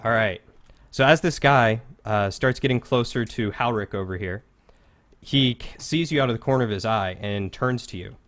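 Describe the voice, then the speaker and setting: Game master, man, mid-pitched, loose casual narration. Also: moderate pace, fairly bright tone. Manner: casual, filler-heavy narration.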